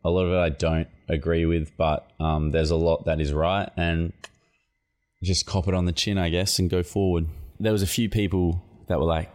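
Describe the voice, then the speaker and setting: Deep-voiced man rambling on a podcast. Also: level tone, normal speed, darkish tone. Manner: rambling, self-deprecating, chatty. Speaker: podcast host. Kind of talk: casual solo podcast monologue.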